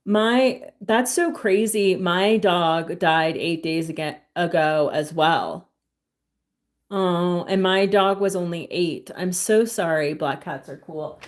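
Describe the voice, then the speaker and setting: A young woman chatting casually on a livestream, giving tarot readings to viewers, full of "like" and "um" fillers and warm pet names. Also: on the low side, slow. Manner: chatty, filler-heavy with frequent "like" and "um", affectionate to viewers. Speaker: livestream tarot reader and crystal seller.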